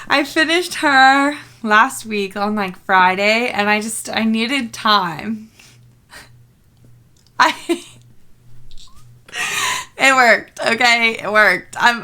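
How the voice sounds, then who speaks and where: Bright and forceful, her voice leans high as this young book vlogger rambles through a casual reaction to her reading. She's bubbly, laughs a lot, and uses plenty of fillers.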